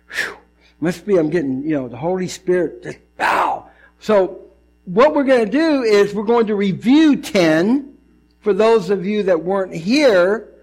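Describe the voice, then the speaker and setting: A man preaching a sermon as pastor, animated and conversational, with lots of asides and restarts. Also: high voice, poor audio.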